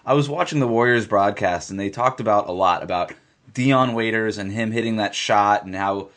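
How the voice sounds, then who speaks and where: A man's voice: on the low side, normal speed, fairly bright tone. A man co-hosting a sports podcast, arguing his point emphatically and repeating lines for stress. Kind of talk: casual sports talk.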